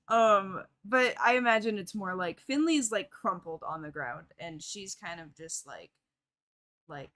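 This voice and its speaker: A woman's voice: mid-range voice, expressive, measured pace, fairly bright tone. A woman playing in a tabletop game, casual and rambling, with many fillers and frequent laughter. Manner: giggly, rambling, lots of fillers. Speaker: player.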